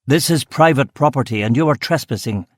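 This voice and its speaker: A man's voice: mid-range voice, brisk, no room sound, studio quality, close to an everyday voice. A man voicing an indignant, upper-class Anglo-Irish landowner of about forty, with a clipped, formal way of speaking. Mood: haughty. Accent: 1930s Anglo-Irish upper class.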